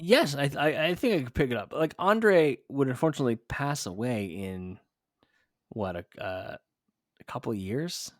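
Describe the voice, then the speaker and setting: A man's voice: medium pitch, animated, dry recording, studio quality. A man co-hosting a podcast in casual chat, quizzing his partner and reeling off lists of names. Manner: quizzing, listing names quickly. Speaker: podcast co-host.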